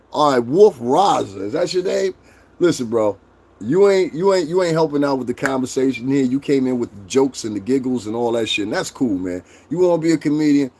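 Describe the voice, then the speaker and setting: Husky-voiced man ranting on a livestream. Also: fairly high pitch, a little mellow. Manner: profane, blunt, reads and roasts chat. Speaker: livestream host. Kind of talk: casual livestream rant.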